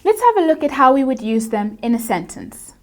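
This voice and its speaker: A woman with a high voice teaches English grammar as an online course host. She explains in a clear, measured, teacherly way, reading from a script. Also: big pitch swings, darkish tone.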